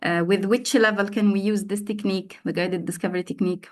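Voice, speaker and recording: Over an online video call, a woman trains teachers in a fast, steady, medium-pitched voice. She prompts the participants and repeats words to emphasize them.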